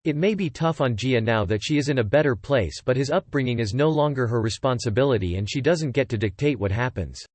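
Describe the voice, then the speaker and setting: A man reading forum posts aloud in steady, matter-of-fact scripted narration. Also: mid-range voice, brisk, hardly any pauses, no room sound.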